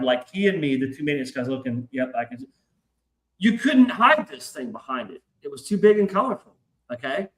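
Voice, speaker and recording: With a fairly high pitch and a sharp tone, this man hosts a podcast, telling a story in a casual, profane way. He performs the voices of the people he quotes, and the recording carries a roomy echo.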